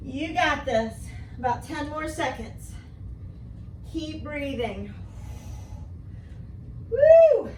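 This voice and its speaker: High-voiced woman coaching a workout. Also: takes it slowly, pauses often, far from the mic, slight background noise. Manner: encouraging, counts down and cheers. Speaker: fitness instructor. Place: basement at home. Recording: roomy echo, voice a bit off-mic.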